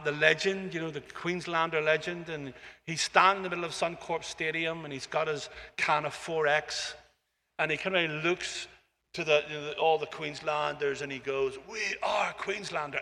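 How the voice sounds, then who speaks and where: A man preaching a sermon in a relaxed, conversational way, with frequent "you know"s and repeated phrases. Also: fairly high pitch. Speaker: pastor. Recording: long hall reverb.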